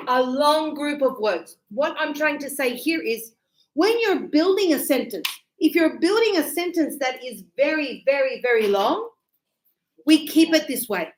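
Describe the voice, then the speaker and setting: A woman teaching an English lesson to a live class in a chatty, playful way, checking in with quick questions. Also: high voice, echoey room, rough recording.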